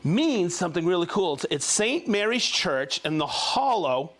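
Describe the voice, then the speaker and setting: A man's voice: high voice, very animated, moderate pace, a bit bright. A man hosting a live show, reading out viewers' names and hometowns in a jokey, upbeat way. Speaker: livestream host.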